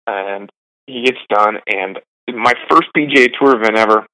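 A young man with a lowish voice tells long, rambling stories about caddying. He talks casually and keeps poking fun at himself. The sound is close and dry. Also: bright, forceful tone, dry recording, rough recording. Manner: rambling, self-deprecating, quick asides. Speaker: golf caddie being interviewed. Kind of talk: casual storytelling.

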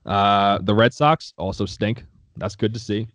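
A man's voice: fairly low pitch, steady tone, unhurried, a bit bright, no echo. A man co-hosting a casual sports podcast, talking in a profane, heated way. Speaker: podcast co-host. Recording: dry, slightly dull sound.

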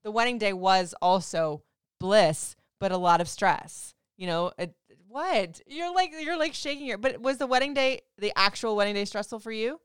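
A woman in her forties co-hosting a casual couple chat, animated and teasing, swearing freely. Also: mid-range voice, normal speed, clean tone, no echo, clean studio sound. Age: 40s. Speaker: podcast co-host.

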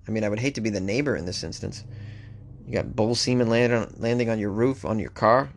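A man's voice: lowish voice, fast talker. A man hosting a comedic news show, reading odd stories aloud and breaking off into wry, joking asides. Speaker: podcast host.

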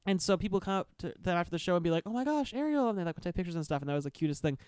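A young podcast co-host rambles through stories at a quick clip, stammering and repeating words along the way. The voice is smooth and clear, recorded dry with no room around it. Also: mid-range voice, steady tone, a little mellow, no room sound. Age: young adult. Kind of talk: casual chat.

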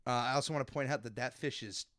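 A man's voice: medium pitch, fast talker, a bit bright, dry recording. A young man hosting a podcast, chatting casually with lots of fillers and restarts. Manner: rambling, many fillers and restarts. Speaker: podcast host. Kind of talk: casual chat.

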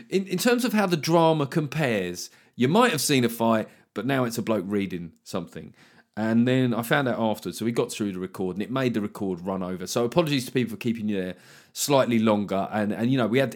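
A middle-aged man, a comedian hosting his own podcast. He chats casually, swears freely and acts out other people's voices as he tells a story. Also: mid-range voice. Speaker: podcast host and stand-up comedian. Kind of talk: casual solo podcast monologue.

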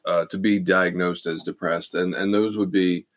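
Low-voiced man explaining thoughtfully. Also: steady tone, moderate pace. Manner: thoughtful, explanatory, occasional "uh" fillers. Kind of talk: casual conversation.

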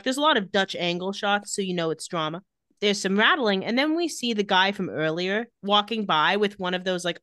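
A woman's voice: medium pitch, pushed and bright, no room sound, studio quality. A woman co-hosting a podcast, casually recounting TV scenes with wry asides. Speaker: podcast co-host. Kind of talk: casual TV episode recap.

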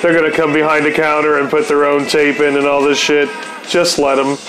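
A man's voice: on the high side, completely flat delivery, a little fast, over music, rough recording. A man telling casual stories as a podcast host, in a profane, slangy, rambling way full of "dude" and "man". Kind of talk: casual storytelling.

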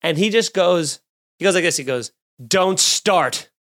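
A man, a comedian hosting a podcast, telling a story in a casual, animated way and acting out the other people's lines. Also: fairly high pitch, fairly quick. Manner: animated, acts out quoted voices.

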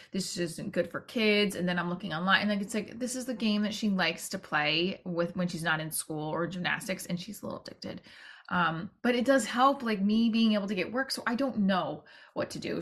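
A woman's voice: mid-range voice, pushed and bright. A woman hosting a podcast, talking in a casual, rambling monologue full of restarts and asides. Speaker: podcast host and actor-comedian.

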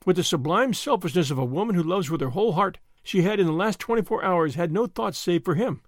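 Brief: dramatic male storyteller for an audiobook, animated and high-pitched, recorded close. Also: fast, no echo. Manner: expressive, dramatic reading. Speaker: audiobook narrator. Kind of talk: scripted narration of a classic novel.

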